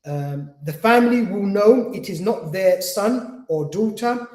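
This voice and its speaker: Lecturing at an Islamic centre, this man speaks earnestly, going over his points repeatedly and performing what patients tell him. His high voice has a darkish tone, lively intonation and a measured pace, and the recording has a roomy echo.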